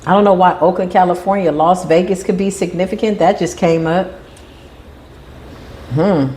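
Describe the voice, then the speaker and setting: A woman giving a tarot reading in an animated, emphatic way, sometimes acting out the voices of the people she describes. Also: on the low side, moderate pace, slight background noise. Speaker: tarot reader.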